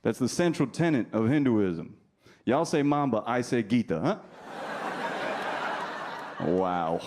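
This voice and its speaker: A male comedian from New Jersey performing stand-up, teasing the crowd in a deadpan way while telling stories. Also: mid-range voice, takes it slowly. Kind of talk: stand-up routine with crowd work. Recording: live club recording with audience noise. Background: audience laughter.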